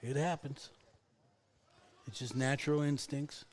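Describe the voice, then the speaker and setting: A man giving relaxed baseball color commentary, chuckling and telling stories from his coaching days. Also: medium pitch, a little slow. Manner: relaxed and chuckling, tells anecdotes.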